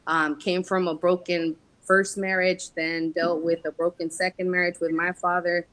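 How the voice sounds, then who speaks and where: Woman guest, frank streetwise talk, lowish voice, halting pauses. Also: little pitch movement, a bit bright, poor audio. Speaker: guest, casting company founder. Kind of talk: candid personal storytelling in interview.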